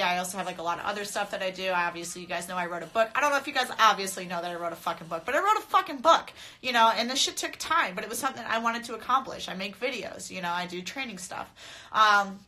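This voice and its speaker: A woman's voice: mid-range voice, animated, quick pace, bright, forceful tone. A young adult woman fighter chatting casually on a phone live stream, blunt and profane, often laughing as she talks straight to her viewers. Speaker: mixed martial arts fighter. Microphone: phone camera.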